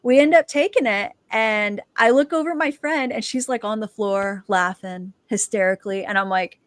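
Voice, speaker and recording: A woman, a dancer and author, telling her personal testimony as a guest and lively acting out the quoted dialogue. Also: medium pitch, normal speed, no echo.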